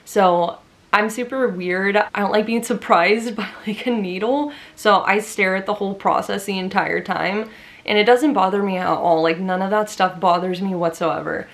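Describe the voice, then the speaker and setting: A woman's voice: mid-range voice, fairly even intonation, normal speed. Woman vlogger, personal story to camera, earnest and emphatic, mid-range voice, chatty fillers.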